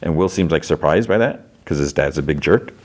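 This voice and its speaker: Deep-voiced man casually recapping a show. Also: fairly quick. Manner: retells scenes, acting out quotes in a raised voice; loose delivery with frequent fillers. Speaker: podcast host.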